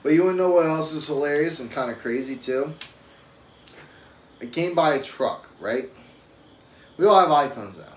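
A man's voice: a little high, lively intonation, normal speed, pauses often. A young adult man and father talking casually on a live stream, telling rambling, profane stories. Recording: roomy echo with faint ambient noise.

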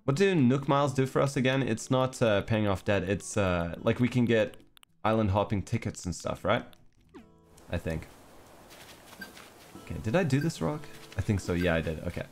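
Young male streamer, lowish voice, casual thinking-aloud commentary, desk mic, faint music behind. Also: moderate pace. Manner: chatty, thinks aloud, reads game text.

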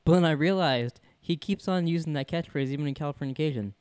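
A man's voice: on the high side, fast, darkish tone, clear, resonant tone, no echo. A man co-hosting a podcast, recapping a TV episode in a laid-back way, laughing easily and quoting scenes. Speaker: podcast co-host. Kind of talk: casual chat recapping a TV episode.

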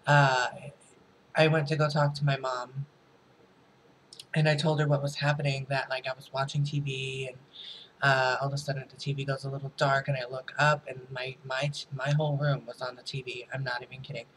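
A man's voice: mid-range voice, little pitch movement, brisk, fairly bright tone, slight background noise, poor audio. A man telling a casual storytime vlog on camera in his room, rambling and swearing freely. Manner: rambling, profane, chatty. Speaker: vlogger. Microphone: camera mic.

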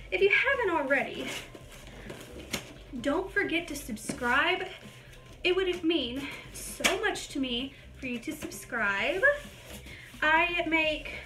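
A woman's voice: high voice, background noise. A young woman chatting casually in a try-on haul vlog at home, slightly out of breath and poking fun at herself. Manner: chatty and self-mocking; talks standing up. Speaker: YouTuber. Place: at home, indoors. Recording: roomy echo.

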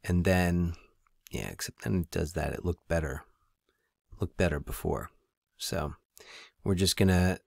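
A man teaching his students in a screen-recorded tutorial, relaxed and thinking aloud as he clicks through the steps. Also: deep voice, gravelly, dry recording, studio quality.

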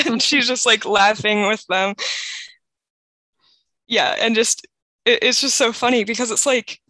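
A woman's voice: on the high side, steady tone, measured pace, pushed and bright, dry recording. A young woman co-hosting a podcast, chatting casually about a novel and retelling its scenes with plenty of "like" and light laughter. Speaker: podcast co-host. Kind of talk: casual book discussion.

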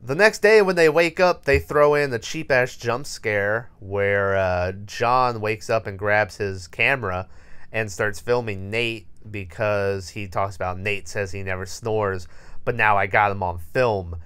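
A man's voice: fairly low pitch, unhurried, fairly bright tone, clear, resonant tone. A man co-hosting a podcast, recapping a horror movie in a rambling, profane, laughing way. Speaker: podcast co-host.

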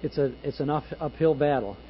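A man's voice: fairly high pitch, fairly quick, a little hiss or hum. A male radio interviewer, agreeing and encouraging his guest. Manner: agreeable, encouraging with brief affirmations. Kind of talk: interviewer's short replies. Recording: muffled archival radio interview.

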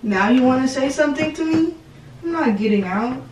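Pleading and exasperated, a young woman vlogger keeps repeating herself to her boyfriend in casual prank banter inside a bedroom. Her high voice has lively intonation, a slightly quick pace, and a darkish tone. It's captured from a distance in an echoey space with background noise.

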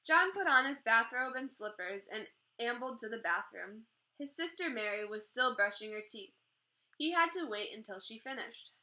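A woman reading a children's chapter book aloud, gently voicing the characters as she goes. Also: on the high side, lively intonation, moderate pace, poor audio. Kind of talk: read-aloud storytelling.

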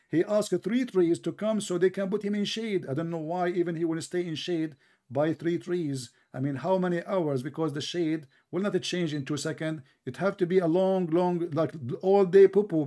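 Sarcastic guy ranting in a debate, kinda high voice, mocks everything. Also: warm tone. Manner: mocking, sarcastic, talks over the other speaker. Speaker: debate host. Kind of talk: heated online debate.

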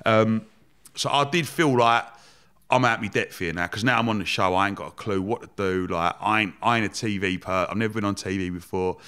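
A man telling stories as a podcast guest, animated, laughing often and swearing freely. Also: lowish voice, a little fast, clear, resonant tone. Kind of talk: casual storytelling chat.

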